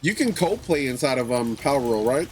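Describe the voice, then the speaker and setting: A man hosting a livestream, chatting casually with viewers in a relaxed way, swearing often and repeating his phrases. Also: medium pitch, normal speed. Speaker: livestream host.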